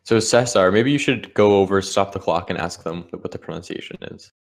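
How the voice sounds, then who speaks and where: A man's voice: sits low, a little fast. A man giving live commentary on a board game match, explaining the strategy of each move. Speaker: Scrabble commentator.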